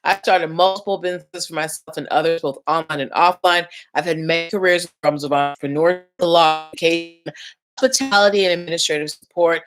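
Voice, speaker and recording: A woman's voice: lowish voice, steady tone, brisk, faint music behind. A middle-aged woman hosting a live online show, talking casually and explaining business and legal topics straight to her viewers. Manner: chatty, teaching, addresses viewers directly. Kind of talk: casual live-stream talk.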